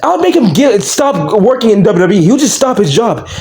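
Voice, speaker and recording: A young man rants in casual commentary with a high, bright-edged voice. His pitch jumps wildly from line to line, and he flips between loud outbursts and low, tossed-off mumbles. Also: fairly quick. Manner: loud, excitable, swings between shouting and mumbling. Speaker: channel host.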